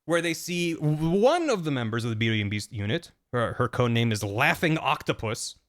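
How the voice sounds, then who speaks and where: A man's voice: mid-range voice, sing-song, moderate pace, a bit bright. A man casually retelling a video game plot on a stream, rambling with lots of fillers and restarts. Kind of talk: casual retelling with acted-out quotes.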